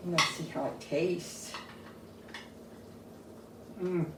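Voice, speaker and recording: A woman's voice: low voice, fairly even intonation, very slow, creaky, far from the mic, heavy background noise. A woman cooking in her home kitchen, chatting casually and tasting her dish as she shows a family recipe. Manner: homey, chatty, tastes food while talking. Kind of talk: casual cooking video chat. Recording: echoey kitchen, voice a bit off-mic.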